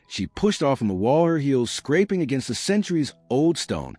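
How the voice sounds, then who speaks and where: A man narrating a scripted story in a steady storytelling manner. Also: medium pitch, moderate pace, few pauses, no room sound, faint music behind.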